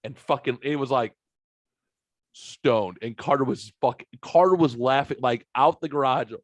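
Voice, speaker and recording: A man hosting a podcast, telling rambling, profane stories in a middle-pitched voice. He mimics the people in his stories as he goes. The sound is dry and close. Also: a little slow, no echo. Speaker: podcast host. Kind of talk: casual podcast chat, storytelling.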